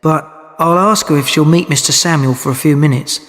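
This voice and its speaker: Brief: a man playing a worried young bodyguard woman, raised pitch, long reverb. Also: fairly quick, a bit bright, lightly acted.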